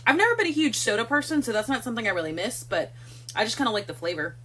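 A woman's voice: on the high side, animated, racing, a bit bright, a little hiss or hum. A woman hosting a casual live stream from home on a phone, chatting and greeting viewers by name one after another. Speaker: livestream host.

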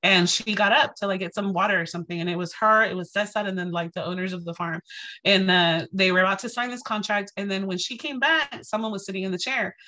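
A woman in her thirties giving a lecture as a guest speaker, telling a story in an animated, conversational way and tagging her points with "right?". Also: mid-range voice, fast.

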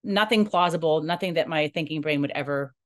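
A woman who runs a non-profit, telling a personal story in an earnest, halting way and acting out the dialogue she quotes. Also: low voice. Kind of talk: personal story told to camera.

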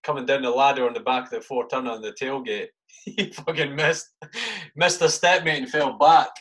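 A man's voice: mid-range voice, normal speed, a bit bright. A man in his thirties, an army sergeant guest on a podcast, telling war stories casually with heavy swearing and "mate" in every sentence. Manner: swears a lot, says "mate" often; acts out his own past reactions. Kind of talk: casual storytelling.

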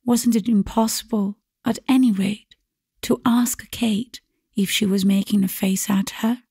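A woman reads a classic story aloud in a slow, measured audiobook narration. Her voice is gravelly and a little husky, mellow in tone, and recorded dry and close. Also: mid-range voice, steady tone, dry recording.

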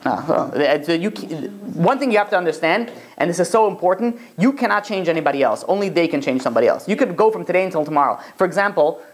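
A man's voice: high-pitched, lively intonation, fast talker, hardly any pauses. A man teaching a class as a rabbi, in a casual, conversational way full of fillers, often checking whether his students follow.

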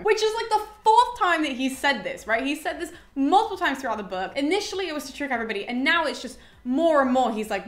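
A woman's voice: fairly high pitch, animated, quick pace, hardly any pauses, fairly bright tone. A young woman hosting a casual book recap, chatty and playful with slangy asides. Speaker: podcast host summarizing a classic. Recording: echoey room.

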